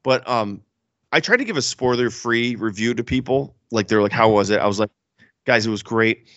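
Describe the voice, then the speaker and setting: A young man co-hosting a casual podcast about movies, animated and enthusiastic, laughing often. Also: medium pitch, moderate pace, no echo, dull audio. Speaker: podcast co-host.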